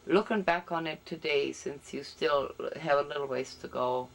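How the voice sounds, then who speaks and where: Gravelly-voiced woman interview host. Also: sits low, normal speed. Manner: relaxed, affirming, lots of soft murmured agreement. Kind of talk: casual conversational interview.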